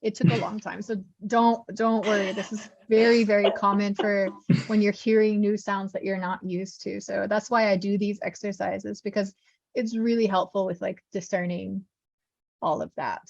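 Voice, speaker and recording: A woman's voice: medium pitch, fairly even intonation, normal speed, creaky, no echo, dull audio. A woman teaching a language lesson in a casual, upbeat way, chatty with many fillers. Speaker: Malayalam teacher. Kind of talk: casual online lesson talk.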